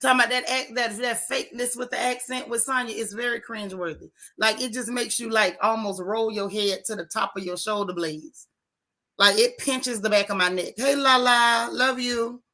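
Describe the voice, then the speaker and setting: A woman's voice: a little high, bright, forceful tone. A woman hosting a casual live stream, chatting sassily with viewers about a reality show. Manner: sassy, chatty, greets viewers. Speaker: host.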